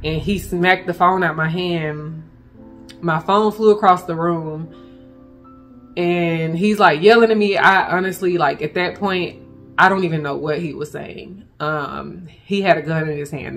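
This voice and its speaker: A woman recounting a frightening personal experience to her viewers, speaking in halting bursts and addressing them directly. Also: fairly low pitch, fairly even intonation, fairly bright tone, soft background music. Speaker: vlogger telling a personal story. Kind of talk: emotional personal storytelling.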